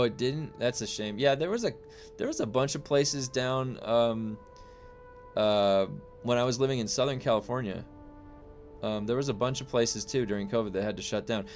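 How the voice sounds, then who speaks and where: A man's voice: medium pitch, normal speed, faint music behind. A young adult man streaming, chatting casually with viewers in a rambling way full of fillers and restarts. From United States. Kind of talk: casual chat reading viewer comments.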